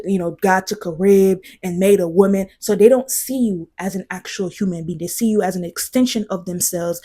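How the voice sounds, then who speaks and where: Woman vlogger, husky voice, passionate and emphatic, dips into near whispers. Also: mid-range voice, warm tone. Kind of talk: casual commentary to camera.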